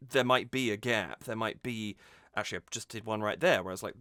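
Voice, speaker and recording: A man talks through a song's craft in a relaxed, analytical way, pausing and rephrasing as he thinks. His voice is bright and smooth. The recording is dry and close, with no room sound. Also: on the low side, dry recording. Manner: thoughtful, restarts mid-sentence, analytical. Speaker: music reaction host. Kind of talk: casual music analysis.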